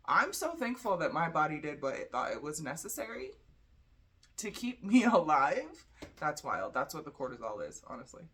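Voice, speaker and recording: A woman's voice: sits low, expressive, a little fast, a bit bright. A tired young woman giving a casual tarot reading, chatty and blunt, swearing freely. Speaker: tarot reader.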